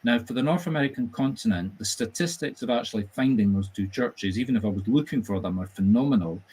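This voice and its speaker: A man with a Scottish accent, a medium hosting a casual live-stream chat, talking in a chatty, animated, jokey storytelling way. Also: medium pitch, fast, husky. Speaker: medium and host. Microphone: video call setup.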